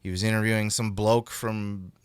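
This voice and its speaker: A man's voice: on the low side, normal speed, smooth, dry recording, clean studio sound. A man hosting a podcast in casual, rambling chat that is peppered with swearing. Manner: profane, rambling, animated. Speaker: podcast host.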